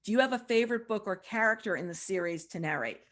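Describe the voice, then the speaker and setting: A woman's voice: mid-range voice, expressive, fast, a bit bright. Woman moderating a panel. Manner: reads audience questions, brief affirmations.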